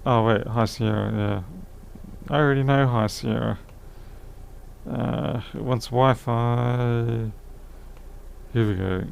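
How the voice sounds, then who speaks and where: A man's voice: mid-range voice, fairly even intonation, slow, pauses often. A tired man chatting casually on a live stream, thinking aloud as he repairs a laptop, his voice fading. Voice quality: gravelly.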